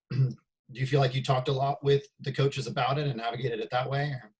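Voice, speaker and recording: A man, a volleyball coach, interviewing a former player in a measured, reflective way, with some "um" and "you know". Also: medium pitch, little pitch movement, a little mellow. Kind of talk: casual interview talk.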